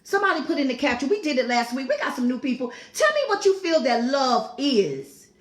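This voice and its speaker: A woman hosts a live-stream talk show in an echoey room. Her voice sits a little high and swings widely in pitch. She keeps coaxing viewers, repeating her questions and reading out their answers. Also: sing-song, brisk. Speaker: host.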